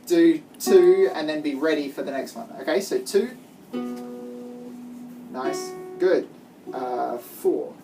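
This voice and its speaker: Encouraging woman guitar teacher with a low voice, miked from a distance, guitar heard clearly. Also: takes it slowly, long pauses. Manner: encouraging, praising and giving step-by-step instructions. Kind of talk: one-on-one music lesson. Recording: distant mic with guitar playing.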